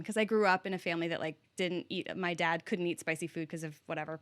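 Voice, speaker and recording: A woman from Virginia hosting a casual interview, chatty and animated, laughing easily as she tells stories. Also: lowish voice, quick pace, hardly any pauses, clean tone. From Virginia, USA. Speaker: podcast host.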